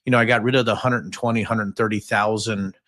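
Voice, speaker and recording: A man's voice: fairly low pitch, steady tone, fast talker, a bit bright. A man in his fifties hosting a livestream, telling stories in a rambling, jokey way with many fillers and asides. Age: 50s. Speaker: podcast host. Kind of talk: casual livestream storytelling.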